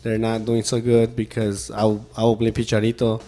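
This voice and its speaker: A man co-hosting a podcast, talking soccer in animated, casual chat with loose grammar and quick laughs. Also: lowish voice. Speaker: podcast co-host, soccer pundit.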